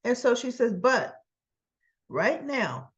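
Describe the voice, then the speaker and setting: A woman recaps a soap opera episode in an unhurried, chatty way. She slips in and out of the characters' lines and stops to correct herself. Her voice sits a little high and comes through a dull, lo-fi recording. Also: big pitch swings. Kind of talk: casual retelling of a TV episode.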